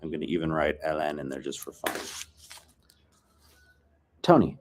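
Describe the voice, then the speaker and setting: A man teaching a filmed language lesson in a relaxed, chatty way, repeating phrases to drill them. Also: extremely low pitch, fast, background noise.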